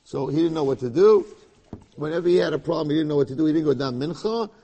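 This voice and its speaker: Husky male Torah teacher, lively storyteller. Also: a little high, quick pace, muffled recording. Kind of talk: storytelling in a class.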